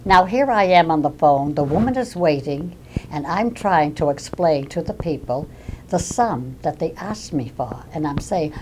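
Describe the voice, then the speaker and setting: An older woman from Massachusetts with a non-rhotic Massachusetts accent, telling personal anecdotes in an unhurried way with dry humor. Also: sits low, lively intonation, noisy background. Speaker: local resident sharing memories.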